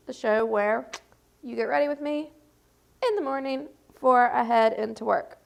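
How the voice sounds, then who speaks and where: A woman's voice: fairly high pitch, normal speed, creaky. A woman with a stuffed-up, scratchy congested voice hosts a casual get-ready-with-me makeup livestream from her home set. She rambles with lots of fillers while doing her makeup.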